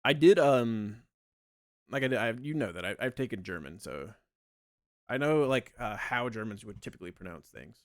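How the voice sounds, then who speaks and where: A man's voice: fairly low pitch, expressive, normal speed, no echo, clean studio sound. A man chatting casually on a live stream while he plays, thinking aloud and rambling with plenty of fillers.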